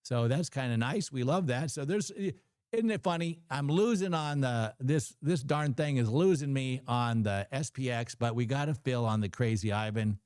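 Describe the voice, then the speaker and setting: A middle-aged man hosting a live trading stream, thinking aloud and reacting excitedly to his screen. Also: medium pitch, normal speed, smooth, dry recording, clean studio sound. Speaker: host of a trading livestream.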